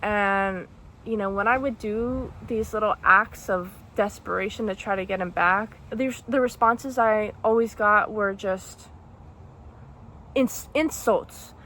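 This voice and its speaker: A young woman telling a personal story as a vlogger, halting and emotional with many restarts. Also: medium pitch, fairly even intonation, a bit bright, slight background noise. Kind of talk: storytime monologue.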